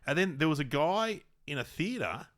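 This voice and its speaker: A man's voice: a little high, big pitch swings, moderate pace, a bit bright. A man in his fifties with an Australian accent, a comedian chatting casually as a podcast guest, rambling and telling anecdotes. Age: 50s. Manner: rambling, anecdotal, many fillers and restarts. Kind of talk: casual chat.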